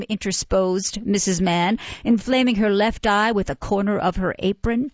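A woman reading a classic novel aloud in a measured, even storytelling voice. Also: mid-range voice, dry recording. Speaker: audiobook reader. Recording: dull, muffled, dry recording.

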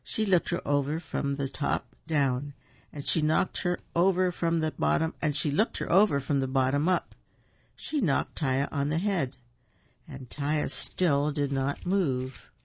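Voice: mid-range voice, a little slow, creaky, no echo. A storyteller reading a children's picture book aloud, with playful asides, in a dull lo-fi recording.

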